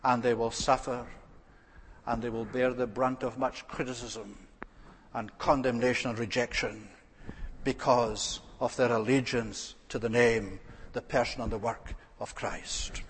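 A man's voice: mid-range voice, steady tone, measured pace, slight background noise. A man preaching an earnest expository sermon, asking rhetorical questions and stressing key phrases. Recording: reverberant hall.

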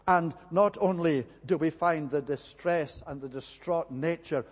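Preaching to a congregation at normal speed with hardly any pauses, a man uses earnest, emphatic repetition in a voice sitting a little high. The sound carries a long, church-hall reverb.

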